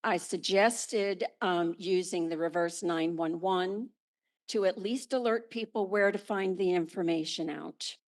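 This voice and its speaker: An older woman, a former school and finance board member, giving a measured, matter-of-fact comment at a town meeting. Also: on the low side.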